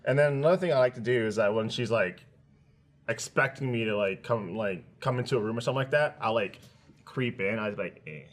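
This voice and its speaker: A man's voice: mid-range voice, brisk. Man telling a loose, rambling story. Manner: loose, filler-heavy storytelling. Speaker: podcast regular. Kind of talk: casual chat.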